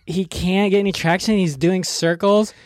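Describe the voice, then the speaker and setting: A man's voice: sits high, fairly even intonation, normal speed, very noisy. A young adult man, a pro surfer, telling stories in casual chat with lots of laughter and surfer slang. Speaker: pro surfer and podcast guest. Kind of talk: casual chat, animated storytelling.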